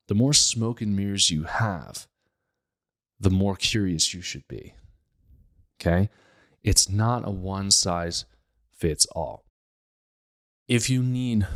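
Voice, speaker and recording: Emphatic man hosting a health podcast. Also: low-pitched. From Pittsburgh. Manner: emphatic, rhetorical questions, animated asides. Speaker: podcast host, health practitioner. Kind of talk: casual health podcast monologue.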